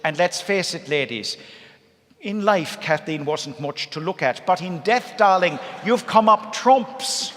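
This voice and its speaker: A woman's voice: on the low side, animated, fairly bright tone, voice pushed up. Man doing a gushing older woman. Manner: exclaiming, drawn-out and sing-song. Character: gushing older Irish woman, warm and theatrical. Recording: echoey church from some distance.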